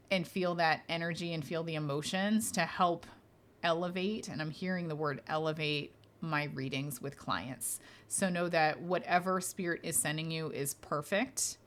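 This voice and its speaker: On her relaxed podcast, a medium fields listener questions, chatting reassuringly, laughing lightly, and leaning on frequent fillers. She has a deep voice with a slightly bright quality.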